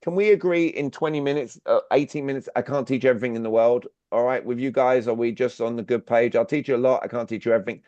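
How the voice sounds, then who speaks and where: A man's voice: medium pitch, quick pace, few pauses, darkish tone, no echo. A man leading an online sales workshop, talking directly and drilling his listeners with questions. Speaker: workshop speaker. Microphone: video call. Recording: dull, dry video-call audio.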